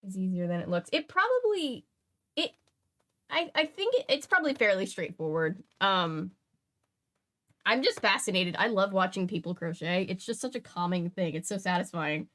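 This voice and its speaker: A woman's voice: medium pitch, animated, moderate pace, a bit bright. A woman hosting a stream, chatting casually as she reads comics aloud, often trailing off and restarting her sentences. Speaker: streamer host. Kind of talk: casual chat while reading comics aloud.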